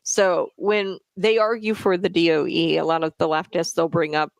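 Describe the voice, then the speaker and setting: Gravelly-voiced woman commentary host. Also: lowish voice, little pitch movement, moderate pace, hardly any pauses, no echo. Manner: chatty, frequently tags "okay?"; stumbles over names. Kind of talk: casual political commentary.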